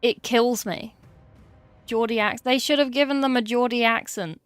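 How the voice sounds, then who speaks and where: A woman's voice: on the high side, steady tone, moderate pace, no echo, faint music behind. An English woman chatting casually on a livestream, chatty and swearing freely with exasperated asides. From England. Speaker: streamer.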